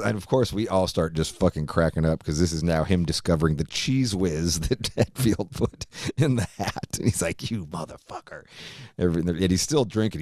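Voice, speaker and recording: Low-voiced man telling a rambling story. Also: darkish tone, dry recording, studio quality. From Virginia, USA. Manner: profane, rambling, laughs often while telling. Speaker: podcast guest. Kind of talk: casual storytelling.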